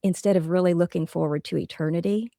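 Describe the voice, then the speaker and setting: Middle-aged woman guest, mellow gravelly voice, earnest and reflective, interview chat. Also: on the low side, fairly even intonation, fast talker, no echo, studio quality. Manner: earnest, reflective, talks through examples. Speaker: guest author. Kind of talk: casual interview conversation.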